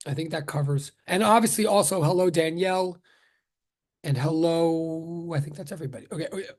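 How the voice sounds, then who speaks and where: A man's voice: a little high, a little fast, a little mellow. A chatty male physics professor talking over a video call. He rambles, restarts his sentences and greets his students one at a time before getting to the lesson. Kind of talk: casual online class greeting.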